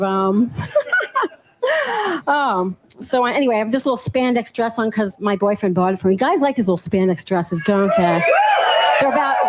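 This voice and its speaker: A woman's voice: on the high side, heavy background noise. A young woman from New Orleans doing a playful, self-mocking stand-up routine. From New Orleans, USA. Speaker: stand-up comedian.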